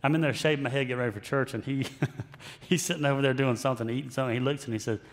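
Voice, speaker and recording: A man's voice: mid-range voice, fairly even intonation, rapid-fire, in a large hall. A male pastor preaching a sermon in a conversational style with self-deprecating humor.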